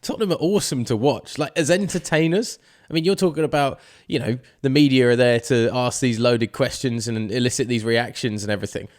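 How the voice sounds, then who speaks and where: A man's voice: medium pitch, fairly quick, hardly any pauses. A man co-hosting a casual sports podcast, arguing his points heatedly. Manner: heated, argumentative. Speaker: podcast co-host.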